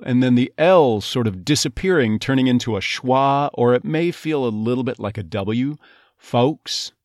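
A man teaching a phonetics lesson, breaking words into their sounds and demonstrating vowels and glides slowly. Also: on the low side, no room sound, clean studio sound. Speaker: accent coach.

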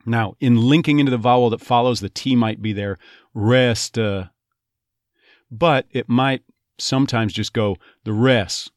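A man teaching pronunciation, breaking words into their sounds and saying them slowly as examples. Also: mid-range voice, no room sound, clean studio sound. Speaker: accent coach. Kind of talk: phonetics lesson.

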